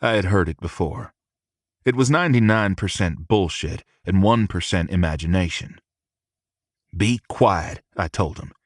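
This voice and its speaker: Male audiobook narrator, low voice, dry close sound, steady first-person read. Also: normal speed, dry recording.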